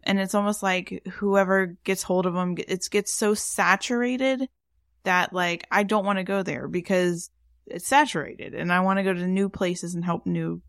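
A woman's voice: lowish voice, fairly even intonation, moderate pace, dry recording, studio quality. A woman paranormal investigator and psychic chatting casually, full of fillers and restarts. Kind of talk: casual podcast chat.

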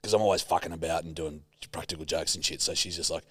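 A man's voice: rumbling low, quick pace, fairly bright tone, husky, no echo. A young Australian man in casual podcast chat, telling a story in a laid-back way and swearing often. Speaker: podcast co-host.

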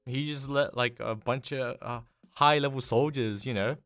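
A man's voice: mid-range voice, moderate pace, fairly bright tone, dry recording, soft background music. A young man co-hosting a casual podcast chat, laid-back and teasing. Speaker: podcast co-host.

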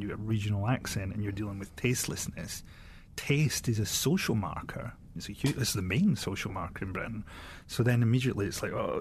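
A man's voice: fairly low pitch, slight background noise. Dry, sardonic man talking casually. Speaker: comedian guest. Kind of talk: casual conversation.

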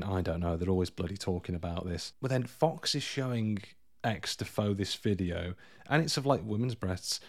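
A man co-hosting a podcast, chatting casually about a film in a rambling, self-deprecating way with frequent laughter. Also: lowish voice. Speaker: podcast co-host.

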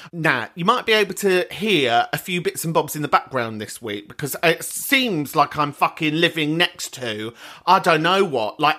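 A man's voice: on the high side, bright, forceful tone. A man hosting a podcast, talking in a sweary, camp, self-mocking comic monologue. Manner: sweary, camp, quick to laugh at himself. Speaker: podcast host.

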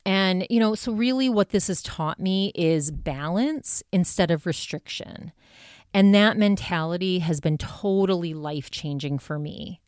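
A woman's voice: lowish voice, a little slow, darkish tone, smooth, no room sound, clean studio sound. A woman hosting a podcast, talking casually in a chatty, rambling way and retelling a conversation with many fillers. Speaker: podcast host. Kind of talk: casual solo podcast monologue.

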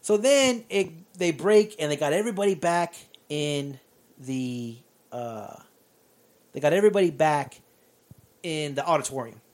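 A man's voice: a little high, lively intonation, measured pace, a little mellow. A man hosting a casual chat, animatedly recapping a movie's scenes with laughter.

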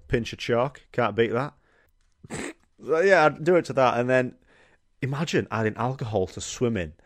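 Excitable swearing man. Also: mid-range voice, no echo, clean studio sound. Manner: excitable, swears freely, laughs at own jokes. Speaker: podcast host. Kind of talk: casual comedic monologue.

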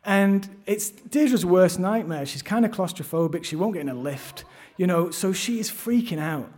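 A man's voice: high voice, animated, moderate pace, darkish tone. Man, middle-aged, self-deprecating, live storytelling, theatre stage. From London, England. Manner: self-deprecating, wry, frequent restarts. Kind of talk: live first-person storytelling.

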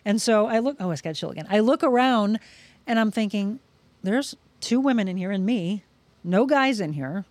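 On a dry recording, a middle-aged woman speaks at a moderate pace in a mid-range voice. Guesting on a podcast, she chats casually through a personal story, animatedly performing the dialogue she quotes.

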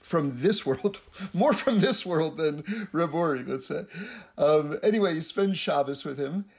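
A man's voice: a little high, expressive, a little slow, creaky. A man giving a casual spiritual teaching, rambling and often repeating his words.

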